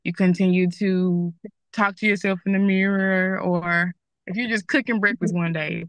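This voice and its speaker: A woman's voice: medium pitch, moderate pace, fairly bright tone, no echo. A young woman with a Southern American accent, a TV journalist guest, talking candidly and chattily about her career at a school event. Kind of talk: school career talk interview.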